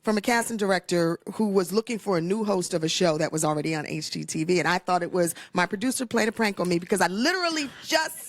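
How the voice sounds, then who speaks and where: A woman tells her career story as an interview guest. She is animated and acts out the people she quotes. The voice is recorded dry, close to the mic. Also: lowish voice, fast talker, hardly any pauses, no room sound. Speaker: interview guest, TV host and real estate investor. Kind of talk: conversational interview.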